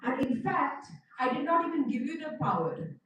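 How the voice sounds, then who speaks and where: A woman voicing a gentle, reassuring male god who calmly shows his power in a scripture story. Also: extremely high pitch, moderate pace, very echoey, recorded from a distance, muffled recording, a little hiss or hum, pitched above the performer's own voice, full character voice. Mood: gently firm. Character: calm, all-powerful, kind male god.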